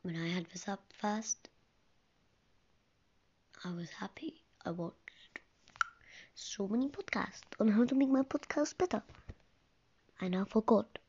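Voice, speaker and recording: A woman's voice: medium pitch, measured pace, long pauses, a little mellow, slightly rough. A teenage girl hosting a casual solo podcast, rambling and often dropping into a whisper. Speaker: podcast host. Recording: dull lo-fi recording with faint hiss.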